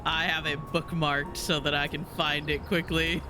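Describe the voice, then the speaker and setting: A man's voice: a little high, level tone, normal speed. Giggly rambling male streamer over music. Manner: giggly, rambling, lots of fillers and restarts. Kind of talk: casual chat while playing a game. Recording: music playing in the background.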